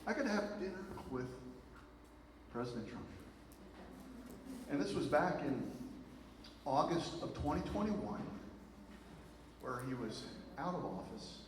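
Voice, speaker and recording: A man addresses a live audience, telling his story in a lively way with plenty of fillers and side remarks. He is caught from across a large hall, his voice swimming in a long, booming echo. Steady background noise sits under everything. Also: a little slow, long pauses. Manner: animated storytelling with frequent fillers and asides. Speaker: speaker. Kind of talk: public speech to a live audience. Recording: very echoey hall from far off, noisy.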